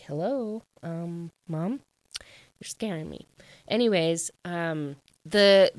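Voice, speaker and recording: A woman's voice: low-pitched, no echo. A woman recapping a book at home in a chatty, gushing way, full of fillers. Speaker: book reviewer.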